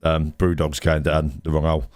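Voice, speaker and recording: This podcast co-host has a deep bass voice that's clear, resonant and darkish, with little pitch movement and a fairly quick pace. Recorded live indoors in a dry, clean studio, he rambles through casual banter, restarting sentences, repeating words and laughing at his stories.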